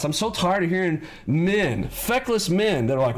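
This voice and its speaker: A man teaching traders in a live session, pushing his points hard and asking "you got it?" again and again. His voice sits a little high for a man. It drops low, then jumps up when he lectures. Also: sing-song, normal speed, hardly any pauses. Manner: emphatic, preachy, repeats points with "okay?". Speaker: trading coach. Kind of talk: livestream trading lesson.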